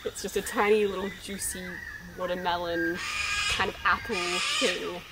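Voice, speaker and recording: A woman's voice: fairly low pitch, fairly even intonation, normal speed, very noisy. A young woman giving a chatty, enthusiastic vlog tour of her orchard outdoors. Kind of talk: casual vlog narration. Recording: background music under the voice.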